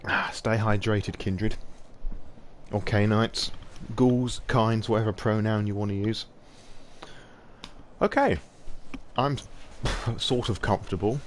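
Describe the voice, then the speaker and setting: Guy with a lowish voice chatting away on his stream, swears a lot, laughs a lot, bit of faint hiss behind. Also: fairly even intonation, unhurried. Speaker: live-stream host. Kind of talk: casual live-stream chat.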